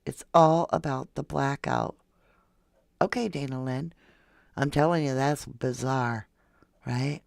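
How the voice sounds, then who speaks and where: A woman's voice: extremely low pitch, steady tone, slow pace, creaky, pauses often, a little mellow, no room sound. Woman, from Florida, true crime livestream host, chatty, reads chat comments, dry close mic. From Florida, USA.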